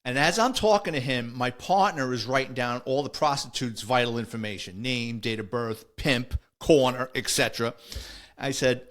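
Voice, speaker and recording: A man's voice: mid-range voice, normal speed. A middle-aged man tells stories from his police days. He talks casually and jumps into the voices of partners and suspects as he goes. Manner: animated, acts out the people he quotes. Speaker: retired police officer telling stories. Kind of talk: casual storytelling.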